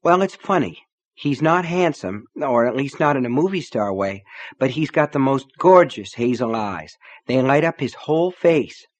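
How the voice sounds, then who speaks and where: A man voicing a middle-aged woman in chronic pain who speaks carefully and teases gently. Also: mid-range voice, lively intonation, normal speed, natural voice. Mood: fond.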